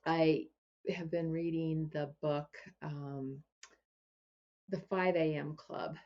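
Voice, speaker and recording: Lady coach telling stories, kinda low voice, muffled audio. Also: takes it slowly. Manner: relaxed storytelling, restarts phrases. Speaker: business coach, podcast guest. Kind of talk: casual interview chat.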